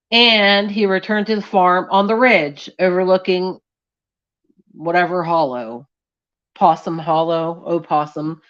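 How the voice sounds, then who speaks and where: Slow, casual woman on a lo-fi stream. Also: on the low side, fairly bright tone. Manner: loose, sweary and distracted, scolding a cat mid-story. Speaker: true crime streamer. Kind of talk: casual live-stream storytelling. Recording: dull lo-fi stream audio.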